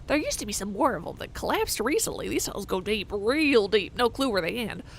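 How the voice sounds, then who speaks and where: A woman voicing a gruff, half-deaf male tunnel digger who shouts and cusses. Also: medium pitch, very animated, a little fast, a little hiss or hum. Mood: shouting. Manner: shouts, rough and cussing.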